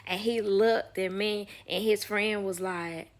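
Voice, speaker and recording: Woman, storyteller nanny; sassy, animated, casual storytime delivery with whispered asides. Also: mid-range voice, slow. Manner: animated, sassy, acts out quoted people. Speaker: nanny sharing work stories.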